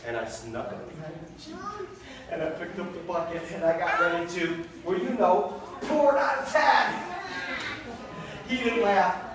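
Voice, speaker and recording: High-voiced man telling a magic story to kids. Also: moderate pace. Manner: animated, keeps calling the kids "you guys". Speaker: children's magician and fire safety performer. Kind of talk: storytelling magic show for children. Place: daycare center room, indoors. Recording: very echoey room, from far off, noisy.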